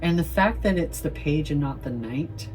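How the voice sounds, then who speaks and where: A woman's voice: low-pitched, expressive, moderate pace, darkish tone, faint music behind. A woman giving a chatty tarot reading to camera, talking loosely, swearing playfully and laughing often. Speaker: tarot reader.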